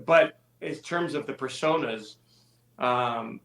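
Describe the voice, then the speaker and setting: Musician guest in echoey room. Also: male voice, mid-range voice, slow. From California. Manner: relaxed storytelling, self-deprecating. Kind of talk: casual interview chat.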